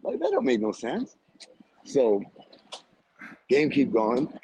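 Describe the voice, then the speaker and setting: A man on a podcast telling a story in a loud, animated way, laughing often and using lots of slang. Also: mid-range voice, slow, gravelly, slight background noise, poor audio. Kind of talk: casual chat.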